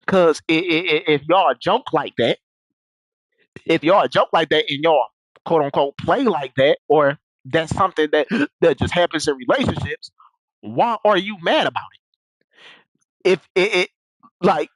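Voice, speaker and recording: A man's voice: on the high side, lively intonation, normal speed, a bit bright, dry recording, poor audio. A young man telling a story in casual, rambling talk, full of slang and repeated restarts.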